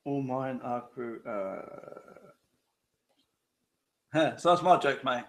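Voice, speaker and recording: A man's voice: mid-range voice, expressive, moderate pace. A man hosting a casual live-stream chat, rambling and often restarting his sentences while checking in with viewers. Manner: rambling, repetitive, frequent restarts; addresses viewers directly with tag questions.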